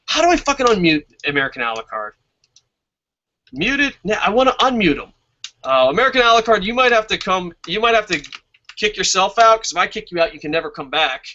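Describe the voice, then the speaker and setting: A man with a bright, forceful, fairly high voice hosts a loose wrestling review stream. He swears freely, reads out viewer comments and laughs at his own jokes. The audio is dull and lo-fi. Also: big pitch swings, fairly quick, a little hiss or hum. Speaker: wrestling show host.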